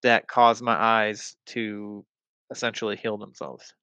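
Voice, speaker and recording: A man's voice: lowish voice, little pitch movement, unhurried, pushed and bright, smooth, dry recording. A young man telling a personal story in casual podcast chat, rambling with lots of fillers and the odd swear word. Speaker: guest.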